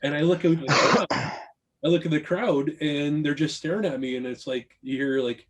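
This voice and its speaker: A man telling a crude story in casual talk, animated, swearing freely and acting out quotes. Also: fairly high pitch, normal speed, rough recording.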